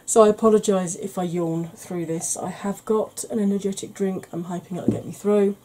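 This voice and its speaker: A woman hosting a soft-spoken ASMR makeup tutorial, chatty and rambling with wry humour, tired from lack of sleep. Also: mid-range voice, fairly even intonation, normal speed, a little hiss or hum, rough recording. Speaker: beauty channel host.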